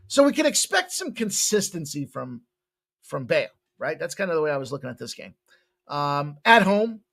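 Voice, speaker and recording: A man with a fairly high, lively voice talks through sports betting picks in a loose, rambling way. He jokes and swears casually as he goes, and his pitch swings up and down constantly. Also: gravelly.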